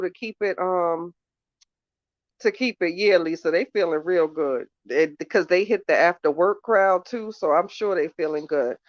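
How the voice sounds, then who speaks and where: A woman's voice: lowish voice, normal speed, no echo. An exasperated woman talks straight to her viewers in a loose, ranting vlog chat. The sound is dull and lo-fi, close and dry, as if caught on a phone. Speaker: vlogger. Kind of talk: casual chat to camera.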